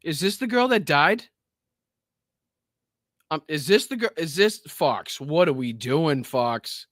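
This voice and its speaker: A man's voice: on the high side, expressive, slow, a bit bright, no echo, clean studio sound. A man hosting a livestream, reacting to news clips with mocking, profane commentary and frequent laughter. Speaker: livestream host.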